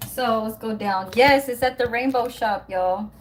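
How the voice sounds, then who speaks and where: A woman's voice: fairly high pitch, a little slow. Chatty woman hosting a noisy cooking livestream. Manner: chatty, talks to viewers as "y'all", swears casually. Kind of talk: casual livestream chat. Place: home kitchen, then outdoors.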